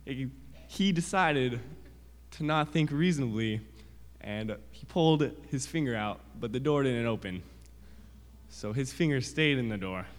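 A man's voice: medium pitch, lively intonation, a little slow. Man telling kids a story in a reverberant hall. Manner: rambling, with frequent restarts and quoted dialogue. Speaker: children's sermon speaker. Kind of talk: casual storytelling to children.

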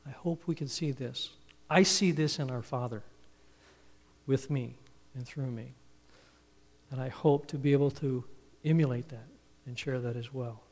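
A man preaching a Father's Day sermon, earnest and storytelling, his phrases trailing off softly. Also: medium pitch, a little slow. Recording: reverberant hall, speaker a bit off-mic.

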